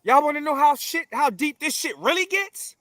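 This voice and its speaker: Interview guest, male, high and bright, forceful and profane, builds phrases like a preacher. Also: animated, normal speed, dry recording. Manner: forceful, emphatic, preaching cadence with repeated phrases; profane, blunt. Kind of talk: confrontational conversational interview.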